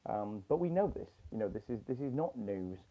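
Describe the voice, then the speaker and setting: A middle-aged man with a slight Birmingham accent hosts a casual live stream from a small home alcove using a headphone mic. His voice is lowish, dark, animated, and fairly quick as he rambles through viewer comments, reading them aloud with lots of ums.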